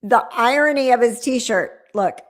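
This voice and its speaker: A woman's voice: a little high, measured pace. Chatty woman host reacting with laughs. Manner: laughing, incredulous asides. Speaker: live stream host reacting to clips. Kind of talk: casual reaction commentary.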